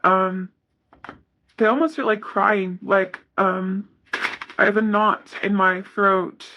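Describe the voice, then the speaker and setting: A woman giving a casual tarot reading, reading card messages aloud in a soft, hesitant way with many fillers. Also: medium pitch, steady tone, slow pace, dull audio. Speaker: tarot reader.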